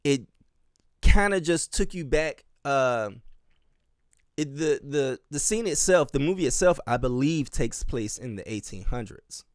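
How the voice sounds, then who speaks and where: A man with a Southern accent talks casually on his solo podcast, rambling along with plenty of fillers and false starts. His voice is smooth and clear. The sound is dry and close, with no room around it. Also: mid-range voice, animated, unhurried, no room sound. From Miami and Charleston, US South. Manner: rambling, with many fillers and restarts. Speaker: dance teacher and podcast host.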